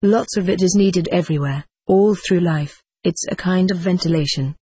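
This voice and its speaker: A woman's voice: on the low side, normal speed, mellow, slightly rough, no room sound. A woman reading the part of an earnest, thoughtful woman who muses aloud about her inner experience in a storybook. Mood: musing. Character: earnest, musing woman exploring inner states. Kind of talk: audiobook character reading.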